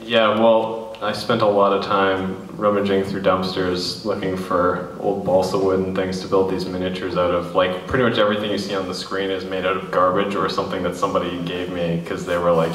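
A man's voice: sits low, level tone, brisk, few pauses, a little hiss or hum. A man, a film director, answering audience questions with dry, self-deprecating jokes. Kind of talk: live Q&A answers. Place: cinema hall after a screening. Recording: roomy, distant mic, faint ambience.

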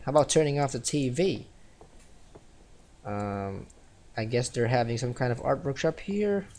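A man from the Philippines casually commentating a game, chatty and giggly, reading the game's text aloud. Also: on the high side. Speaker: gaming let's-player.

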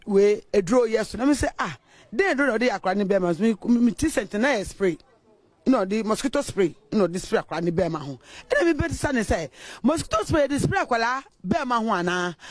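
A woman neighbor telling an interviewer in a lively way what she witnessed, acting out the voices she quotes. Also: medium pitch, dry recording. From Ghana. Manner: animated storytelling, acts out quoted voices. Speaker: neighbor giving witness account. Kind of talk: interview account in Twi.

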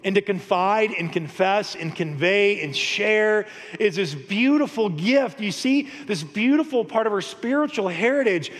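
A male pastor with a high, light voice preaches an animated, story-driven sermon. He chuckles through his anecdotes and keeps the tone casual. The sound rings out in a large, reverberant sanctuary. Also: measured pace. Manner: animated, storytelling, laughs often. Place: church sanctuary. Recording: long hall reverb.

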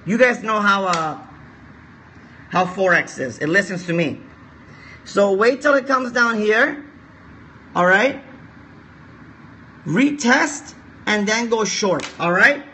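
A man with a high, bright voice walks viewers through currency charts on a live stream. He repeats his points and keeps coaxing the audience to share the feed. His tone is crisp and forward, with a raised pitch. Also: animated, takes it slowly, long pauses, a little hiss or hum. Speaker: forex trading streamer. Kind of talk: live-stream market analysis.

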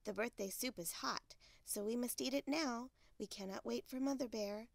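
A woman voicing an eager little male bear cub in a storybook read-aloud, with a high, sing-song manner. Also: moderate pace, vocal fry, no echo.

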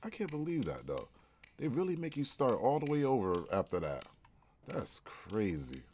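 A man's voice: medium pitch, wildly swooping pitch, normal speed, darkish tone, slight background noise. A man hosting a let's-play, commenting casually with slang and frequent swearing. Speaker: gaming channel host.

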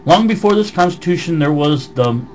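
A man's voice: a little high, animated, normal speed, darkish tone, slight background noise, rough recording. Ranting Southern American man. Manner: heated, swearing, reads comments aloud. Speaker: vlogger. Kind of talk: angry vlog rant answering comments.

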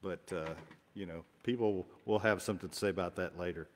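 A man with a lowish voice chats casually to an online audience before playing. He rambles in an easygoing, self-deprecating way. His voice carries a long reverb tail from the home studio. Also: steady tone, brisk, a little hiss or hum. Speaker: musician hosting a livestream concert. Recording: long reverberant room sound.

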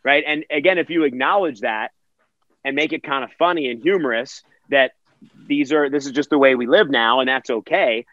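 A man's voice: mid-range voice, normal speed, pushed and bright, no room sound, lo-fi sound. A man who works as a virtual event host, answering interview questions energetically and acting out quotes in other voices.

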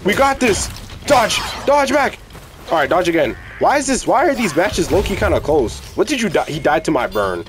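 A young man giving casual, excitable, slangy commentary while playing a video game. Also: fairly high pitch, a little fast, hardly any pauses, soft background music. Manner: excitable, yelling, slangy, hype. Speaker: gaming streamer.

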